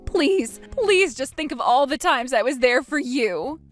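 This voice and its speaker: A woman voicing a desperate, self-pitying adult sister-in-law who pleads and whines, her voice jumping high. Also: lively intonation, unhurried, soft background music. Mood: begging. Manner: pleading, whiny, pitch jumps high. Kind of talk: storybook narration.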